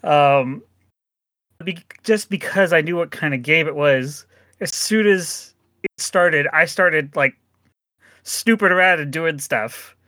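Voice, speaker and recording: A man's voice: fairly high pitch, slow, sharp tone, dry recording. A man chatting casually as a podcast co-host, rambling with many restarts and frequent laughs. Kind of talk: casual chat.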